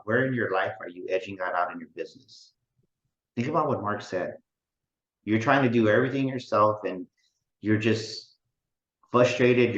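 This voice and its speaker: A man with a lowish voice hosts a podcast interview and speaks to listeners in a preacher-like way, putting rhetorical questions to them. His voice sounds muffled and lo-fi in a roomy space. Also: a bit bright. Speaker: podcast host. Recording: dull, roomy recording.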